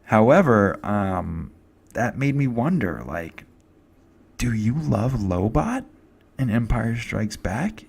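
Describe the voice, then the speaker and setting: A man talks through a film review in a loose, rambling way, stopping for fillers and side notes. His voice sits low with a gravelly fry. It sounds like a casual recording made at home. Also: big pitch swings, slow pace, a little mellow. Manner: rambling, chatty, filler-heavy. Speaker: movie reviewer.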